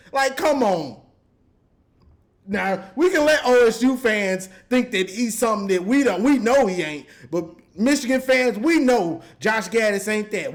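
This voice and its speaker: Man, high voice, exasperated fan rant, repetitive, animated. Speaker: sports commentator. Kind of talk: ranting fan commentary.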